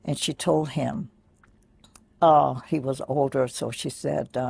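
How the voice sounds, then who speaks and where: An older woman quietly recounting a personal memory in a soft, halting way with many pauses. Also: extremely low pitch, steady tone, vocal fry, slightly rough. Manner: soft-spoken, pausing, many fillers. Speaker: interviewee. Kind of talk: personal recollection.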